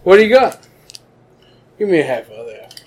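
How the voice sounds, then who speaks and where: A man chatting excitably as a podcast cohost, often laughing. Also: sits high, normal speed, slightly rough. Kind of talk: casual podcast chat.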